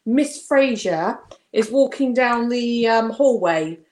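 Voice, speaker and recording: A woman's voice: fairly high pitch, expressive, slow pace, darkish tone, roomy sound. A woman co-hosting a podcast, telling rambling stories with fillers and giggles. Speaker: podcast co-host. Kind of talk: casual chat reviewing a TV episode.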